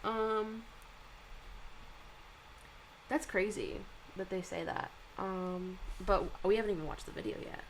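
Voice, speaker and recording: A woman's voice: medium pitch, slow pace, long pauses, slight background noise, rough recording. A young woman chatting casually as she reacts to things and reads manga, chatty and full of fillers. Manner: animated, chatty, lots of likes and ums. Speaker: streamer reading manga and reacting. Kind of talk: casual chat.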